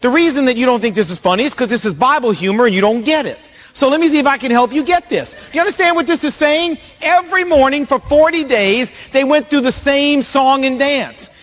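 High-voiced pastor preaching, jokey and animated. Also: male voice, a little fast. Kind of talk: sermon. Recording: long reverb of a large hall.

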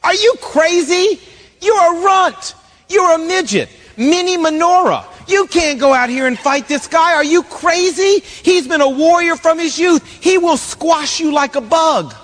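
A scoffing older king, acted out by a preacher, waves off the one before him with mocking disbelief. His voice rides very high, and the long reverb of a large room follows each line. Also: measured pace, fairly bright tone. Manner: mocking, incredulous.

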